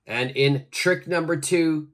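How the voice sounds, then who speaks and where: A man teaching English pronunciation, leading slow repeat-after-me drills with deliberate, exaggerated pronunciation and encouraging praise. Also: on the high side, fairly bright tone.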